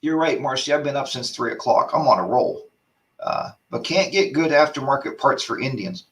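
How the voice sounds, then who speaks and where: A man's voice: mid-range voice, animated, moderate pace, a bit bright, distant mic. Rambling man ranting off-mic. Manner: rambling, ranting, reads viewer comments aloud. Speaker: host of a motorcycle chat show. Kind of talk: casual live-stream chat.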